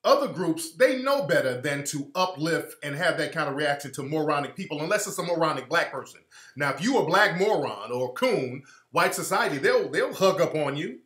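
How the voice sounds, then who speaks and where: A man's voice: on the high side, big pitch swings, fairly quick, fairly bright tone. Emphatic preachy man in an echoey room. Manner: preachy, emphatic, repeats points. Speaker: live-stream host. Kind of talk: heated live-stream commentary.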